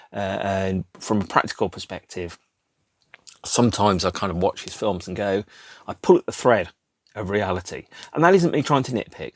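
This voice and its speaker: A man's voice: sits low, no room sound. A man hosting a podcast alone, rambling and digressing casually as he muses aloud. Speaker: podcast host. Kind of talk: casual solo chat.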